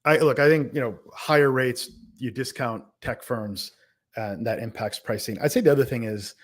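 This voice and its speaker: Man hosting a relaxed interview. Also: medium pitch, normal speed. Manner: brief agreeing interjections, confident asides. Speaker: podcast host. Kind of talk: casual interview talk.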